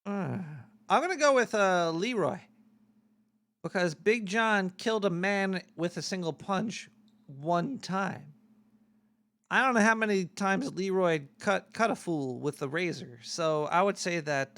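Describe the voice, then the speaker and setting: A paranoid cartoon rat , played by a man, runs his own call-in radio show. His voice sits high with a rough, gravelly edge. He rambles and jokes in a loose, offhand way. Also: a little slow, a bit bright. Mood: joking.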